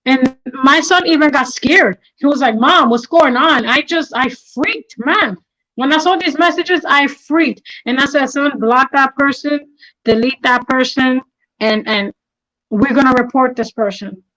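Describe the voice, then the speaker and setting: A middle-aged livestream host speaks at a measured pace in a high, fairly bright voice on a low-quality recording. Angry and impassioned, she repeats herself for emphasis throughout her emotional talk.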